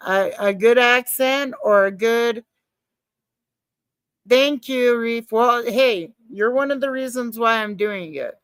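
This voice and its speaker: A woman's voice: fairly high pitch, slow pace, a bit bright, smooth, no room sound. A woman chatting casually on a live stream, rambling and swearing, reacting to her chat and calling herself a nervous person.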